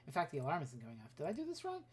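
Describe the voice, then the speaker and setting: A woman's voice: low-pitched, huge pitch swings, racing, husky. A woman streamer reading a text adventure game aloud, with offhand asides and swearing.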